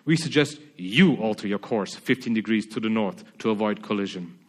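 A man reading the part of a pompous American navy captain in his normal voice, loud and commanding, within a sermon. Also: fairly low pitch, expressive, moderate pace, breathy edge, pitched below the performer's own voice. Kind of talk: reading a story aloud in a sermon.

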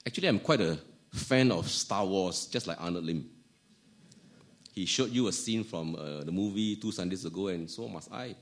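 A man with a Malaysian English accent preaching a sermon, often repeating words as he restarts and letting key phrases fall to a quiet hush. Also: deep voice, a little slow, pauses often.

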